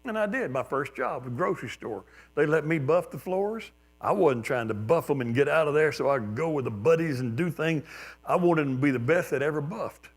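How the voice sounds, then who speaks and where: An older man preaching a sermon, telling folksy personal stories and acting out quotes, at times much louder. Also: a little high, lively intonation, brisk, husky. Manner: folksy storytelling, acts out quotes with shifts in loudness. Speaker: pastor. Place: church sanctuary.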